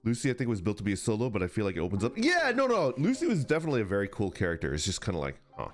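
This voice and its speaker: A man streaming, chatting casually with viewers, rambling and swearing through animated rants. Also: fairly low pitch, very fast, faint music behind. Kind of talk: casual chat reacting to viewers.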